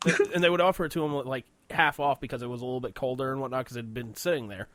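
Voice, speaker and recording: A man's voice: mid-range voice, racing, a bit bright, no echo. A young man co-hosting a casual podcast, telling stories animatedly, laughing often and swearing a lot. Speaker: podcast co-host. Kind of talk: casual chat.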